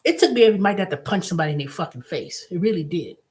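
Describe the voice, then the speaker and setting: Blunt, animated woman vlogger. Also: on the low side, very fast. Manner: animated storytelling, blunt and profane. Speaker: host. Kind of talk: casual vlog monologue.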